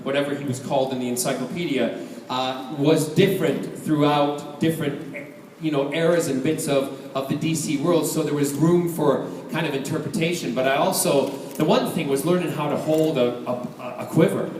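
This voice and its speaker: A middle-aged man from Scotland, an actor answering fan questions at a live convention panel, animated and joking, laughing often. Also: on the high side, normal speed. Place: large convention hall. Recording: echoey convention hall from a distance, loud crowd noise.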